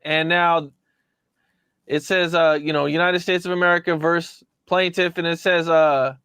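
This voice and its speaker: A man's voice: on the high side, fairly even intonation, normal speed, fairly bright tone, clear, resonant tone, dry recording, clean studio sound. A man interviewing a guest, asking careful questions and checking facts.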